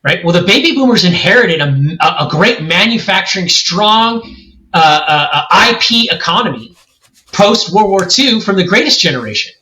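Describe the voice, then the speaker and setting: A man's voice: high-pitched, animated, normal speed, sharp tone. A man in his forties from California, co-hosting a podcast discussion in a heated, emphatic rant. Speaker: co-host. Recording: roomy echoey room.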